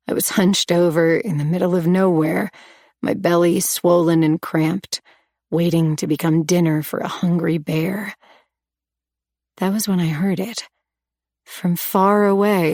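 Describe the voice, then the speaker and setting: Female audiobook narrator, low-leaning voice, dry recording, tense emotional read. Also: a little mellow, no room sound. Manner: emotional, tense dramatic reading. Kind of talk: first-person audiobook narration.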